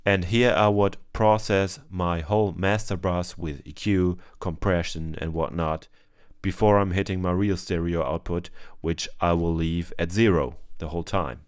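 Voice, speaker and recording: A man with a very low, smooth and clear voice walks through a mixing session at an even, unhurried pace. He explains each step plainly and fills his pauses with ums, the way a tutorial is talked through over a screen recording. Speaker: music producer teaching mixing.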